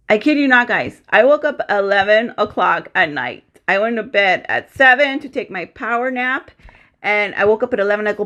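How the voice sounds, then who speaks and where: A woman in her thirties with a bright, clear voice, talking casually straight to her viewers. She chats in a loose, personal way and acts out the back-and-forth of conversations she remembers. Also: mid-range voice, expressive, moderate pace. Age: 30s. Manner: chatty, addresses viewers as guys, acts out dialogue. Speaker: vlogger sharing a personal story.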